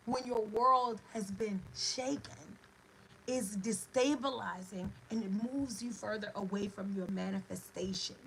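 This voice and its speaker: A woman's voice: on the high side, a bit bright, slight background noise, rough recording. A woman hosting an inspirational show, speaking in an emphatic, repetitive motivational style with built-up lists of phrases. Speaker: birth coach for expectant mothers. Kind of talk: motivational spoken talk.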